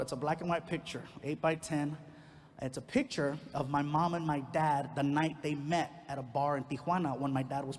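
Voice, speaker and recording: A male stand-up comedian telling a story on stage, animated and acting out the voices. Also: a little high, big-room sound, slight background noise. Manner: animated, acts out every voice.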